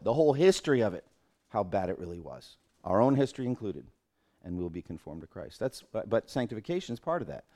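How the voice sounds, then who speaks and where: A man's voice: mid-range voice, a little mellow. A middle-aged man, a pastor, teaching a Bible class in an earnest way, thinking aloud and often restarting his phrases.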